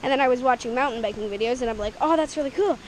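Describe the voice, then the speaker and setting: A racing, high-pitched voice belongs to a Canadian woman vlogging outside as she walks her homemade backyard dirt bike track. She narrates casually to an action camera, rambling, chatty, and frequently giggling, over a rough recording with slight background noise.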